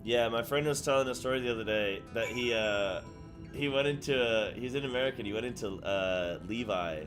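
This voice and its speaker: Background music accompanies a man's mid-range voice as he chats casually on a game stream. His talk rambles and stalls, packed with fillers and restarts.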